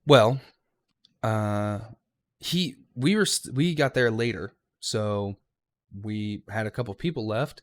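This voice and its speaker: A man's voice: medium pitch, expressive, unhurried, dry recording. A young man, a railroad conductor trainee, giving a rambling, casual vlog recap of his training week and swearing freely.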